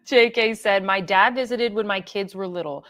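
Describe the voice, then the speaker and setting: A young woman hosts a relaxed livestream and reads viewer comments out loud. She talks in a loose, chatty way, full of fillers and small laughs, at a middle pitch. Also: measured pace. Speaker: livestream host. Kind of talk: casual livestream chat reading comments.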